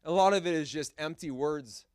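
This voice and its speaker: High, smooth-voiced preaching man. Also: moderate pace, a little mellow, no echo, clean studio sound. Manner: emphatic, repetitive preaching with short punchy phrases; conversational asides with light humor. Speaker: pastor. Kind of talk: sermon. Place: church sanctuary.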